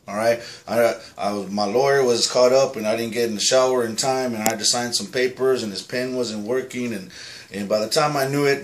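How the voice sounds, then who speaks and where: A man's voice: medium pitch, fairly bright tone, lightly acted. A man playing a boastful, foul-mouthed ex-con who insists he is the real Julian, talking to camera in a comic monologue. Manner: profane, aggressive, keeps saying "all right?".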